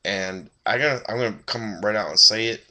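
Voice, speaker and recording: A man's voice: fairly low pitch, fairly quick, pushed and bright. A tired man giving a rambling, blunt and profane casual review of a TV episode.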